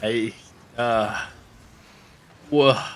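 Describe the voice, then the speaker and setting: Bright-voiced joking esports caster. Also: male voice, mid-range voice, fairly even intonation, drawn-out words. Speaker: esports commentator. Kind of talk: play-by-play commentary.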